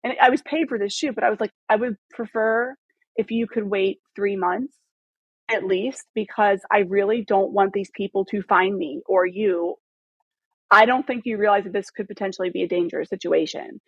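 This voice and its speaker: A woman in her thirties, a podcast guest telling a long story in a casual, animated way, swearing freely and acting out the dialogue. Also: medium pitch, moderate pace, husky, no echo, highs cut off. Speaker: podcast guest, photographer and former model.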